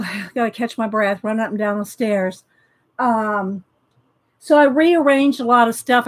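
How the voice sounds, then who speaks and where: A woman talks on a live stream from her home art studio, greeting viewers by name as they arrive. Her voice sits a little high, and she speaks slowly, drifting along with plenty of fillers. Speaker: livestream host. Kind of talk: casual live-stream chat.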